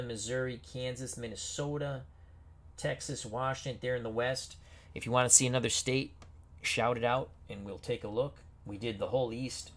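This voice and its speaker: A man hosting a gaming video, reading player names off team rosters with casual asides and reactions. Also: medium pitch. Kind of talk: casual game commentary.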